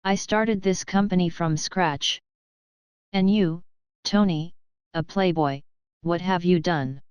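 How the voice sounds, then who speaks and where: A woman's voice: on the low side, slow pace, darkish tone, clean tone, no room sound, lo-fi sound. A woman reading the lines of a ruthless, gloating villain businessman piloting a mech. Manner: gloating, sneering.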